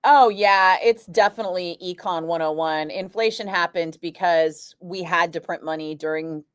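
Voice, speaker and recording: A woman radio DJ chatting casually, telling an animated story and acting out what others said, with lots of "like" fillers. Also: on the low side, moderate pace, clear, resonant tone, no echo, studio quality. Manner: animated, acts out quoted voices, frequent "like". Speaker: radio DJ chatting with a live stream. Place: radio studio. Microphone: studio microphone.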